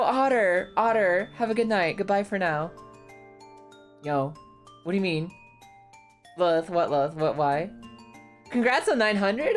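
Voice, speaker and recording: A young woman streaming a game, chatting casually, excitable, swearing often and breaking into squealing laughs. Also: mid-range voice. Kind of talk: casual live-stream chat while playing a game.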